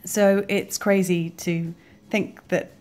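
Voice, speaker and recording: A woman's voice: lowish voice, little pitch movement, slow pace, darkish tone, soft background music. A woman hosting a crochet tutorial, talking casually as she counts stitches aloud and keeps asking if it makes sense. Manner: chatty, counts stitches aloud, checks understanding. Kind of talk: casual instructional talk.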